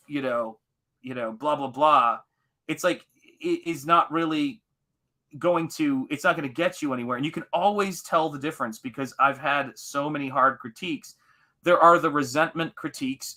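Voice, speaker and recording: A man hosting a live painting stream, chatting in a rambling, animated way as he reads viewer comments and recalls his teaching days. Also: a little high. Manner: rambling, animated, quotes movies in put-on voices. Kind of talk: casual chat reading viewer comments.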